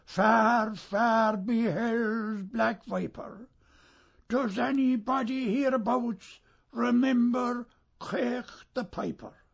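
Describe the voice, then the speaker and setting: A man's voice: extremely high pitch, steady tone, vocal fry, breathy edge, heavily acted. A man voicing a weary old wandering piper. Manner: slow, solemn greeting.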